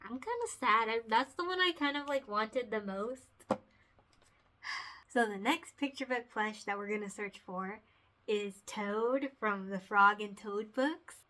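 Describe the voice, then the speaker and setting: A chatty woman vlogger who giggles often and gets emotional easily. Her voice is very bright and set a little high. She talks in a loose, casual way. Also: unhurried. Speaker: picture book author. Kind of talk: casual vlog chat.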